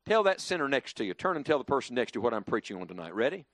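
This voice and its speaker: A man's voice: medium pitch, big pitch swings, racing, fairly bright tone, no echo. A man preaching a sermon to a church congregation, swinging his voice up and down for emphasis and leading the crowd in call-and-response.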